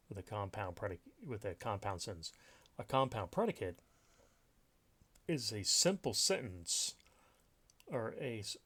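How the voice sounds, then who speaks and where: Low-voiced man teaching grammar, halting. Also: a bit bright, breathy edge. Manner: halting, many fillers and restarts. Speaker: writing instructor. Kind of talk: recorded grammar lesson.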